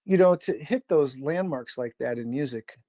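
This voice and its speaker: A casual, rambling man from Chicago trades road stories as a podcast guest. He swears freely and slips into quick impressions of the people he quotes. His voice sits at an ordinary pitch and sounds close and dry, with no room around it. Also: lively intonation, warm tone, no echo. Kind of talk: casual storytelling interview.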